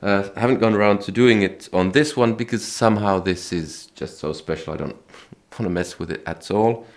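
A man who hosts his own channel, talking casually about his guitar in a relaxed, chatty way, often correcting himself. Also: fairly low pitch, brisk. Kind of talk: casual gear talk to camera.

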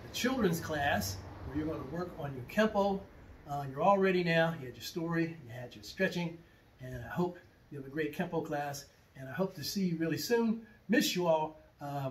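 A man's voice: fairly high pitch, distant mic, slight background noise. A man leading a children's martial arts class, playfully pretending to be confused and repeating himself as he coaches.

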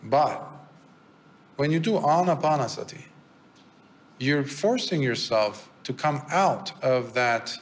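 In a temple prayer hall, a medium-pitched monk delivers a dharma talk, recounting a story with pauses and fillers. A faint hiss or hum is audible.

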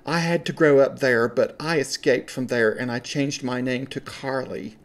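A man's voice: mid-range voice, steady tone, normal speed, lightly acted. A man mimicking a phony woman with a put-on accent. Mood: mocking. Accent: Appalachian. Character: woman affecting a fake refined accent, disowning her rural roots.

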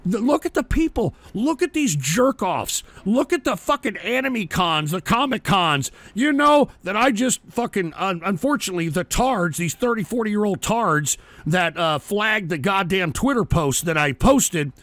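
A man hosting a call-in radio show, ranting in a loud, profane, mocking and belligerent way. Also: high voice, lively intonation, moderate pace, hardly any pauses, no room sound. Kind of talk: combative call-in radio rant.

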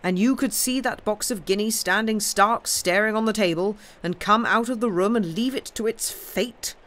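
A woman voicing a suspicious, angry male sea captain who speaks loudly and sharply in a storybook reading. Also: medium pitch, animated, normal speed, lightly acted. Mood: angry, accusing. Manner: sharp, accusing, loud.

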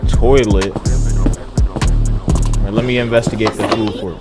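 Slangy, excitable young gamer man. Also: fairly low pitch, measured pace, rough recording. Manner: slangy, excitable, repeats phrases. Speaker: gaming YouTuber. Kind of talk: let's play commentary. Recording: commentary over loud game music.

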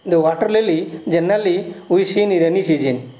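A man's voice: high-pitched, fairly quick, warm tone. A male teacher with an Indian English accent, reading a poem aloud and explaining it line by line, repeating key words and glossing their meanings. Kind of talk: explaining a poem in a recorded lesson. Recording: echoey room.

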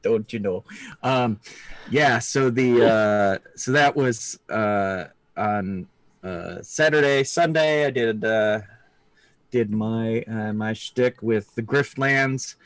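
A man's voice: medium pitch, slow, clean tone, dry recording. A man co-hosting a casual chat about his week of tabletop gaming, rambling with many fillers and restarts. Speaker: podcast co-host.

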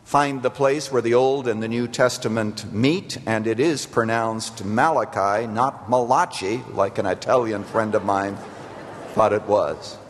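A pastor, a man, preaching a sermon slowly and earnestly, with solemn pauses. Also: lowish voice, fairly even intonation, big-room sound, a little hiss or hum.

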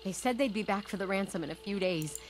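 A woman's voice: medium pitch, fast, close to an everyday voice. A woman voicing a frightened settler in a video game who anxiously pleads for help. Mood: pleading. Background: game music.

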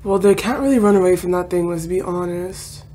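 A woman's voice: on the low side, brisk, warm tone. A young woman doing casual anime reaction commentary, exasperated and emphatic, full of slang, repeats and swearing.

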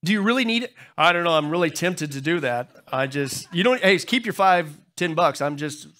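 Animated middle-aged pastor preaching. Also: male voice, fairly quick. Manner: humorous storytelling, talks to the crowd; animated, jumps into high squeaky voices when acting out others. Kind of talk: sermon.

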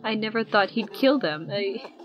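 A woman's voice: mid-range voice, expressive, moderate pace, close to an everyday voice, rough recording. A woman voicing the regretful, fretful ghost of a grown man, with game music behind.

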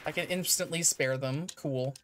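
A woman's voice: low voice, moderate pace, fairly bright tone. A woman streamer playing a video game, chatting casually and reading game text aloud. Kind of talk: let's play commentary. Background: game music.

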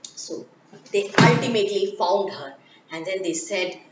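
Gentle woman telling a children's story. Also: mid-range voice, lively intonation, very noisy. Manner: slow and gentle, with fillers. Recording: dull, echoey room, from far off.

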